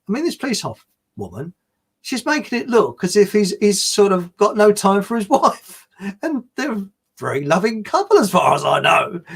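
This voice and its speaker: A man's voice: high voice, breathy edge. A man hosting a live stream, chatting casually and rambling as he answers viewers, chuckling often.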